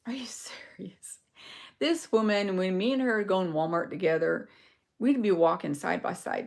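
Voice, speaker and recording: A woman rambles through a personal story on a live stream, talking straight to her viewers in a loose, chatty way. Her voice is a little worn, as if she is starting to lose it. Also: mid-range voice. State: losing her voice. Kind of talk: casual live-stream chat.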